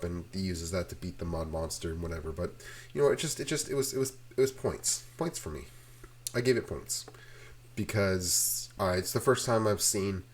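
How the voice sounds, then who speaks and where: A man hosting his own channel, talking in a loose, meandering rant that drifts from one tangent to the next. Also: on the low side. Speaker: channel host. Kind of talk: casual rambling rant to camera.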